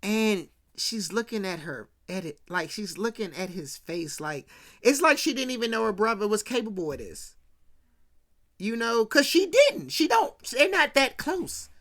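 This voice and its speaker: A show host doing an animated, slangy recap of a film, acting out the characters' lines and swinging between hushed asides and loud bursts. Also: mid-range voice, a little slow. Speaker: host of a movie commentary channel.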